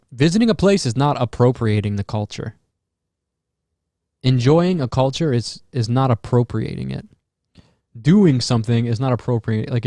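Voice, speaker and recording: A man's voice: medium pitch, dark tone, no room sound, studio quality. A man hosting a casual solo podcast, rambling and musing aloud, swearing freely and trailing off into fillers and restarts. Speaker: podcast host.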